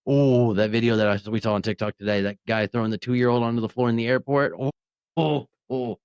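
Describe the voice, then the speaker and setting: A man in his thirties co-hosting a podcast, telling a story with animated emphasis. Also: medium pitch, quick pace, smooth, no echo. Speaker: podcast co-host. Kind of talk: casual podcast conversation.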